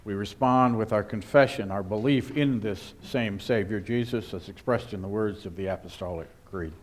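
A man's voice: lowish voice, moderate pace. Solemn man reading scripture. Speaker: scripture reader in worship.

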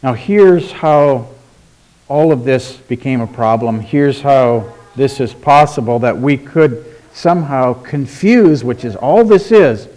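A man preaching a sermon in a deliberate, emphatic way, asking rhetorical questions and dropping to a quiet voice for stress. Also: mid-range voice, lively intonation. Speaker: pastor.

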